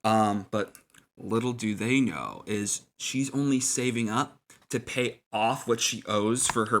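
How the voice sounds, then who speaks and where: A man's voice: mid-range voice, bright, forceful tone. A man giving casual game-master tips in a loose, filler-heavy, mock-serious way. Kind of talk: casual rambling advice.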